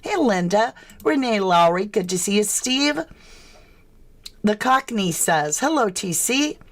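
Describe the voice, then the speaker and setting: Her pitch is medium and her delivery animated but unhurried. She's an American from the South, greeting viewers on a relaxed true crime livestream with plenty of chatter and questions.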